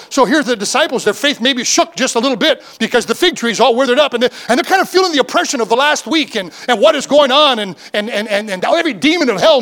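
A man's voice: sits high, a bit bright. A man preaching a sermon as pastor, fervent and rising in emphasis, reading scripture aloud in old-fashioned wording.

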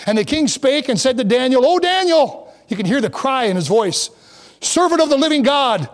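A man's voice: high-pitched, a little mellow. A man preaching a sermon in a conversational way, reading scripture aloud and breaking off for joking asides. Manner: reads scripture aloud in King James wording. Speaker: pastor.

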